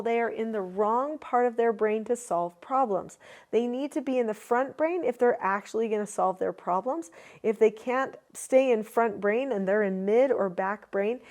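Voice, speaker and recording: Woman coach talking parents thru it, calm and steady, clear instructions. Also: mid-range voice. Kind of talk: advice video to parents.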